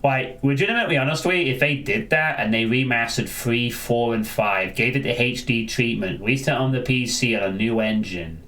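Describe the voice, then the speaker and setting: A man's voice: medium pitch, normal speed, hardly any pauses, sharp tone. Rambling man chatting on stream. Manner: rambling, answers chat, frequent restarts. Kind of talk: casual live-stream chat.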